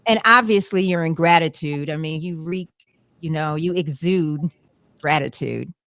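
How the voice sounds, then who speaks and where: A woman's voice: sits low, moderate pace, fairly bright tone, no echo, studio quality. A woman hosting a podcast, interviewing a guest in a casual, encouraging and affirming way. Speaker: podcast host.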